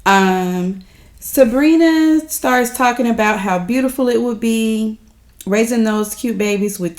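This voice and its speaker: Slow, chatty woman recapping TV. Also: mid-range voice, a little mellow. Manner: chatty, addresses viewers as y'all, laughs often. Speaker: recap host. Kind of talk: casual TV recap chat.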